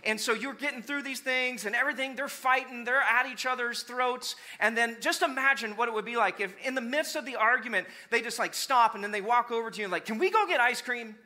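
Preaching in a church, this pastor speaks fairly quickly in a very high-pitched voice, with few pauses. His delivery is animated, and he mimics people's voices to land his points with humor.

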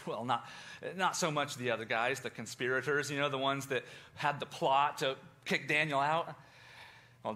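A man telling a Bible story in first person with theatrical, animated delivery, addressing listeners directly. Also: on the high side.

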